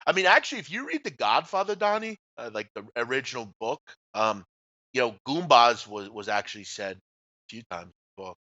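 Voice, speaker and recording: A man's voice: medium pitch, sing-song, fairly quick, pushed and bright, no echo, highs cut off. A man co-hosting a casual sports talk show, blunt and trash-talking, often trailing off at the ends of phrases. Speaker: co-host. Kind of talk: casual sports radio banter.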